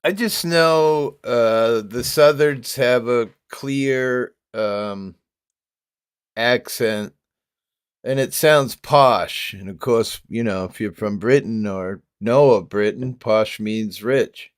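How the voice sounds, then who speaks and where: Slow-talking toothless man on a livestream. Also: medium pitch, clean tone, dry recording, clean studio sound. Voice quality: toothless, gummy speech. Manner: chatty, laughs often, reads comments aloud. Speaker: livestream host reading chat. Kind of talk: casual livestream chat.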